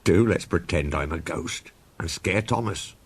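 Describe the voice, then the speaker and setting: A man's voice: low-pitched, measured pace, husky, long reverb tail. A man doing a cheeky little prankster engine. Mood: mischievous. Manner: playful, spooky wailing.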